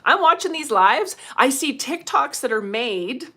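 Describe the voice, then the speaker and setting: A woman's voice: sits high, expressive, measured pace, a bit bright. Chatty woman hosting a livestream. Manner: chatty, laughs often, greets viewers by name. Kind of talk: casual livestream chat.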